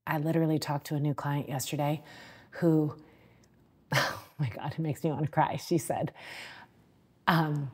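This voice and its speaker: A woman coach, a guest on a podcast, telling animated stories and laughing often. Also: deep voice, a little slow, long pauses, breathy edge. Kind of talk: casual interview chat.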